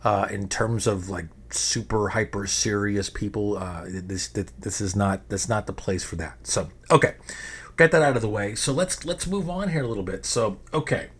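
A man's voice: lowish voice, lively intonation, moderate pace, husky. A middle-aged man hosting a podcast in a casual, rambling monologue, swearing freely and often restarting his sentences. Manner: rambling, profane, frequent restarts. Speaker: podcast host.

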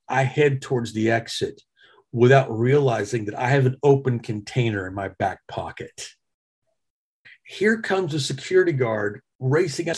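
A man's voice: medium pitch, breathy edge. A middle-aged man hosting a podcast, telling a story in a casual, self-mocking chat. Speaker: podcast host.

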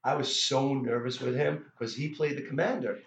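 A middle-aged man, a guest musician, telling a story in a casual interview, animated and full of restarts and stammers. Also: medium pitch, moderate pace, slight background noise. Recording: roomy, dull lo-fi sound.

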